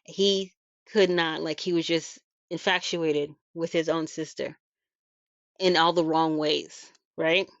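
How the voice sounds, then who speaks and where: Chatty, low-voiced woman telling a story. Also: little pitch movement, slow, no echo, muffled recording. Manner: chatty and emphatic, with rhetorical asides and restarts. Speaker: video host. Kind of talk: casual storytelling commentary.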